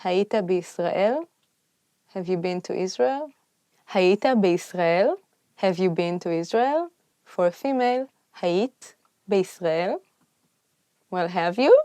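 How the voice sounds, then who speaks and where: Upbeat woman with a smooth voice. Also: on the low side, lively intonation, fairly quick, long pauses, mellow. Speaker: language teacher. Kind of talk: casual language lesson.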